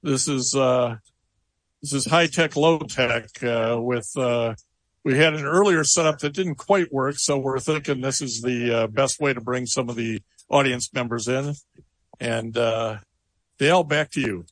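A man's voice: mid-range voice, a little slow, fairly bright tone, dry recording. A man co-hosting a radio show, chatting casually, teasing and laughing easily. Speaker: radio co-host.

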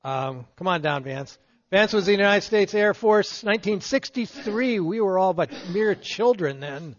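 A man's voice: high voice, normal speed. An older man and veteran, telling war stories to an audience and chuckling as he goes, then introducing the next speaker at a handheld microphone. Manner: chuckles through his stories, animated. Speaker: veteran and event emcee. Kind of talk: anecdotal storytelling to an audience. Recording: muffled sound in a reverberant hall.

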